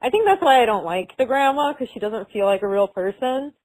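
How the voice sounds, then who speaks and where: A woman's voice: fairly high pitch, fairly quick, no room sound, rough recording. A woman co-hosting a podcast, recapping a TV episode in casual chat and acting out the characters' lines. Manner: animated, acts out characters' lines. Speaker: podcast co-host.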